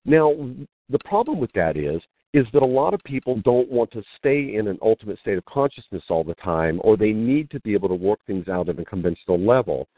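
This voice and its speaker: Low, lively man on a phone-like line. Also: a little fast, dry recording. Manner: storytelling with acted-out quotes. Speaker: guest teacher. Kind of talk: spiritual teaching in conversation.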